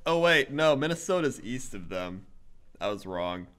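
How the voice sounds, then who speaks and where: A man's voice: medium pitch, sing-song, moderate pace, fairly bright tone. A man co-hosting a podcast, laid-back and chuckling as he reads out news bits. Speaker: podcast co-host. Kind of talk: casual comedic chat.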